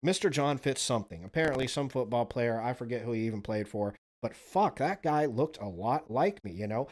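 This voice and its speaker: A man's voice: mid-range voice, lively intonation, brisk, darkish tone. A man in his thirties hosting a podcast, telling rambling, profane stories in a casual monologue. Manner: rambling, profane, laid-back. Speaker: podcast host.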